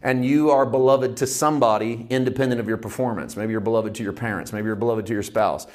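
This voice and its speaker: Impassioned male preacher, hushed to loud. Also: mid-range voice. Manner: drawn-out emphatic phrases. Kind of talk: sermon.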